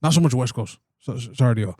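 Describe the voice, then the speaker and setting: A man's voice: mid-range voice, expressive, quick pace, dark tone, slightly rough, no room sound, clean studio sound. A man co-hosting a podcast, joking and laughing through casual sports banter, often repeating his words. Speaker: podcast co-host.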